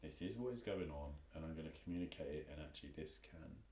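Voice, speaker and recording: Young English dad, rapid storyteller, deep voice, roomy sound. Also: male voice, slight background noise. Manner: animated storytelling, acts out quoted dialogue. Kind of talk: casual chat.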